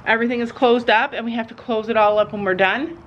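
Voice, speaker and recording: A woman's voice: on the high side, steady tone, fast, lo-fi sound, background noise. A woman from Canada chatting casually to her vlog audience at a horse barn, laughing often. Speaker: vlogger.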